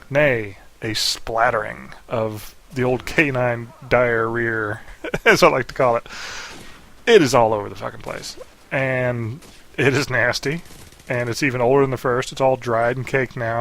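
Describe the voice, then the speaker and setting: A young man with a voice of ordinary pitch tells a rambling family story over game footage. He laughs often, slips into quick impressions of his relatives, and keeps a loose, chatty flow. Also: creaky, a bit bright. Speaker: gaming video host. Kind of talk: casual storytelling over gameplay.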